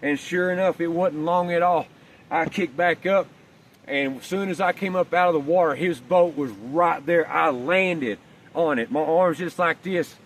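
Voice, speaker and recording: Male vlogger, casual rambling yarn told outdoors, slightly raised pitch, recorded from a distance. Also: moderate pace. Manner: rambling, folksy, swears casually. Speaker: vlogger telling a story. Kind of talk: casual storytelling. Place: outdoors, walking with a dog. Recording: distant mic, faint outdoor noise.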